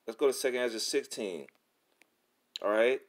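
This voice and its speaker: A man preaching casually and excitedly with streetwise slang and frequent swearing, reading scripture between remarks. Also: medium pitch, normal speed. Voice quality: profane, slangy speech. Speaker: religious video presenter. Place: Atlanta.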